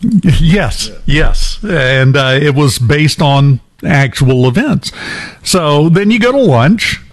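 A man with a fairly high-pitched voice hosts a morning talk show. He tells a long personal story in a relaxed, chatty way, full of small fillers and restarts. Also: slow pace. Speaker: radio show host. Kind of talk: casual anecdote telling.

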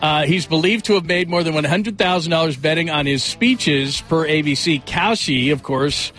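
A man's voice: fairly high pitch, moderate pace, fairly bright tone, faint music behind. A man hosting a sports talk radio show, upbeat and full of big praise. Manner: upbeat, hyperbolic, loose.

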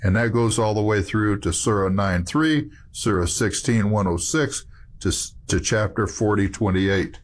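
A man's voice: fairly low pitch, unhurried. A man giving emphatic, rambling storytelling commentary, full of restarts and asides.

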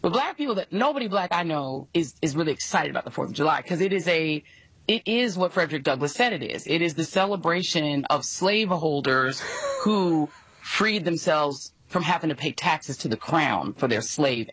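Husky, emphatic pundit in a dry clip. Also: female voice, sits low, expressive, moderate pace, fairly bright tone, no room sound. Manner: emphatic, repeats words when starting. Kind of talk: commentary clip.

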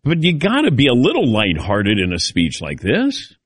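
A man's voice: medium pitch, wildly swooping pitch, normal speed, breathy edge, no room sound, studio quality. A middle-aged man hosting a call-in radio show, chatting casually in a rambling, self-deprecating way.

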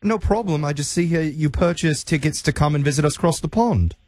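A man's voice: fairly high pitch, a little fast, a little mellow, dry recording, studio quality, natural voice. A man putting on a cheeky fake British caller. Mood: teasing. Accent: put-on bad British accent. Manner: cheeky, teasing, chuckles at own jokes. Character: pushy fake British airline customer-care man. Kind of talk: radio prank call.

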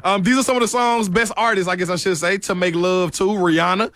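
A man's voice: high voice, steady tone, brisk, fairly bright tone, no room sound. A man co-hosting a morning radio show, reading out a list in playful, laughing banter. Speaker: radio co-host.

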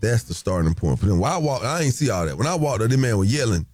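A man's voice: fairly low pitch, fast, husky, dry recording, soft background music. A man hosting a morning radio talk show, talking casually and animatedly, acting out voices as he makes his points. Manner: animated, acts out yelling in quotes.

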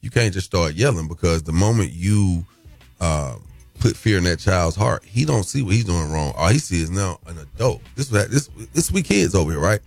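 A man hosting a morning talk radio show, chatting casually in a relaxed, conversational way. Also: sits low, normal speed, faint music behind.

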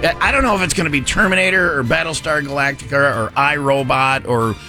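Gravelly, jokey male morning host. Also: on the high side, fast talker, pushed and bright, soft background music. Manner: jokey, rambling, self-mocking. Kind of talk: casual chat.

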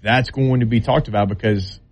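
A man's voice: mid-range voice, normal speed. A man talking football in a casual, drawling way, with loose everyday grammar, as a sports talk co-host.

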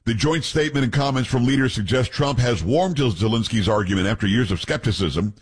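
A man's voice: mid-range voice, lively intonation, a little fast, husky. A man hosting talk radio, reading news stories aloud and breaking in with blunt, opinionated asides.

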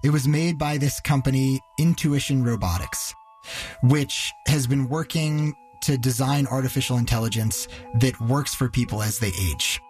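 A man's voice: mid-range voice, normal speed, darkish tone, soft background music. A male reporter retelling a story in a conversational, vivid way. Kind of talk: narrated news storytelling.

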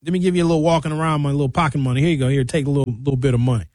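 A man's voice: a little high, steady tone, darkish tone, no echo, clean studio sound, lightly acted. Man doing a fussy, insistent mother. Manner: rapid, insistent. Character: fussing mother pressing pocket money on her son.

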